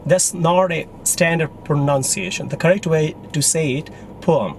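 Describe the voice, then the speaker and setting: A young man with a Bangladeshi accent gives an English pronunciation lesson. He repeats each word slowly several times and stretches out its syllables. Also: a little high, steady tone, creaky, slight background noise. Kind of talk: video lesson, mixing Bengali and English.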